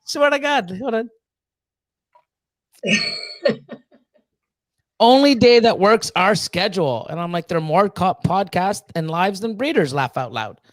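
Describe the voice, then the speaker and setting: A man with a notably high voice hosts a live chat stream, swearing freely and telling stories with lots of animation. He laughs often mid-sentence and mimics the people in his stories. The sound is dry and close. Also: slow pace, pauses often, no echo. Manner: profane, animated storytelling; acts out quoted exchanges with voice changes. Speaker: host of a reptile-keeping live show.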